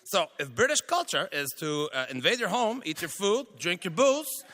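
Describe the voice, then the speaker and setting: A man's voice: sits high, big pitch swings, moderate pace, bright, forceful tone. Man teasing playfully. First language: French. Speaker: comedy debater. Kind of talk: stand-up debate speech. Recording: live hall, audible noise.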